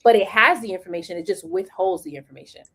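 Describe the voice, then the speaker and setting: A woman's voice: medium pitch, quick pace, slightly rough. A woman hosting a live stream, chatting casually and playfully, acting out the quotes she tells. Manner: animated, playful, acts out quotes. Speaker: host of a business live stream. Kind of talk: casual chat.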